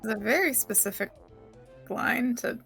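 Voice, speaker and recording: A woman with a gravelly, fry-heavy voice cuts in with dry, teasing remarks during a game stream. Faint music sits underneath. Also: a little high, moderate pace, fairly bright tone. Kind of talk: casual teasing banter.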